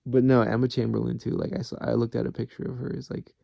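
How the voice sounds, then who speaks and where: A man's voice: medium pitch, little pitch movement, quick pace, gravelly, dry recording, muffled recording. A man talking alone to the camera in a rambling, candid monologue, swearing freely as he goes. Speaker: vlogger.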